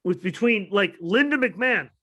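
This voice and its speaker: A young man on a casual wrestling podcast, talking in a high, bright voice. He rants and swears freely, and he jumps into loud shouted bits when he acts out what other people said. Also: moderate pace, lo-fi sound. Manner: ranting, profane, animated, shouts out quoted lines. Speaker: podcast co-host.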